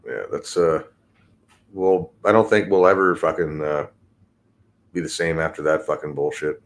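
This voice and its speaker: A man hosting a podcast, ranting in a profane, rambling way that swings from low mutters to high exasperation. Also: fairly even intonation, moderate pace. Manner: agitated, sweary, rambling. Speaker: podcast host. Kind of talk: profane solo rant.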